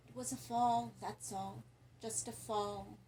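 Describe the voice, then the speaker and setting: A woman voicing a dying foreign man with a thick accent, speaking softly and slowly in pain. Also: high voice, little pitch movement, a little hiss or hum, low-quality recording. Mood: riddling. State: weak, in pain.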